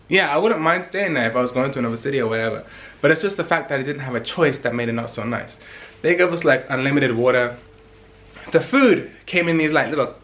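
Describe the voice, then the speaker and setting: A young man from England, telling a story in a casual vlog in an animated, emphatic way, repeating lines for effect. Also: medium pitch.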